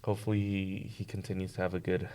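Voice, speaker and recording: A young man co-hosting a podcast, chatting casually and telling animated stories with lots of fillers. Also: low-pitched, quick pace. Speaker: podcast co-host. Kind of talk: casual chat.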